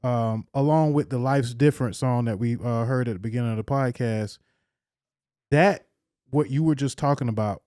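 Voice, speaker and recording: A man's voice: mid-range voice, moderate pace, warm tone, no echo, studio quality. A man co-hosting a podcast, asking a guest questions in casual conversation, hesitant and reflective with many fillers. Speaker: podcast co-host. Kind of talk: casual interview chat.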